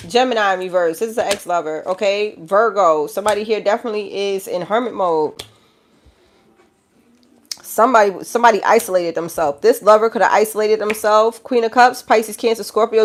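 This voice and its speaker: A woman with a New York accent giving a live tarot reading, lively and slangy, swinging between loud exclamations and low hushed stretches. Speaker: tarot reader.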